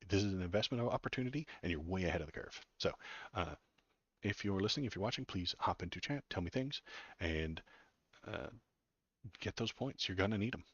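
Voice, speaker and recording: A man's voice: sits low, expressive, fairly quick, fairly bright tone, dry recording, highs cut off. A man hosting a casual political livestream, ranting with sarcastic, mocking disgust and chatting to his viewers.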